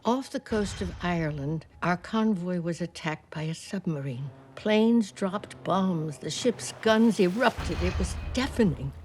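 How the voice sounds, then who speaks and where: An actress playing an elderly woman who served as a nurse in a great war, recalling it softly and reflectively, sometimes dropping to a whisper. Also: on the low side, animated, a little slow, hardly any pauses, slight background noise. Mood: somber. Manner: soft, reflective, drops to a whisper at times. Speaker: former wartime nurse recalling her past. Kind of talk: first-person docudrama narration.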